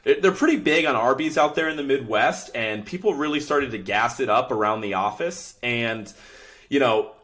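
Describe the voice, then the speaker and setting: A man's voice: mid-range voice, lively intonation, moderate pace, hardly any pauses, a bit bright. A young man hosting a casual sports podcast, venting in an exasperated, laughing way about bad commercials. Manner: ranting, exasperated, laughs often. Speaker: podcast host.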